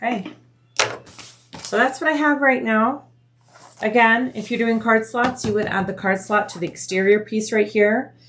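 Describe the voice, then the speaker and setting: A woman's voice: on the high side, fairly even intonation, normal speed, long pauses, noisy background. A woman hosting a bag-making tutorial, chatting casually as she explains each step while she works.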